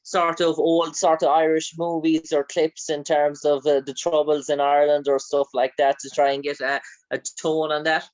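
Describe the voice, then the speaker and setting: A man's voice: fairly high pitch, little pitch movement, moderate pace, highs cut off. Rambling male interview host. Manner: long rambling questions with many fillers. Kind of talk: interview questions.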